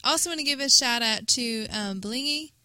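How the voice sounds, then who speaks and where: Bright, slightly high woman podcasting. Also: moderate pace, no echo. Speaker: podcast co-host. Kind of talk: casual chat. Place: podcast studio.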